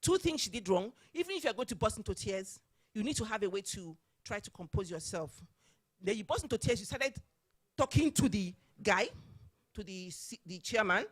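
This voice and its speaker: A woman, speaking at a conference, telling a workplace story in an animated way. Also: mid-range voice, moderate pace, breathy edge. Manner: animated, acts out dialogue, laughs often. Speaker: conference speaker, former HR manager. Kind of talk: storytelling talk.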